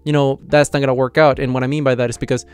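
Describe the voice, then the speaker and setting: A man's voice: mid-range voice, little pitch movement, racing, clear, resonant tone. A young man giving a casual, rambling manga chapter review, with plenty of fillers and enthusiasm.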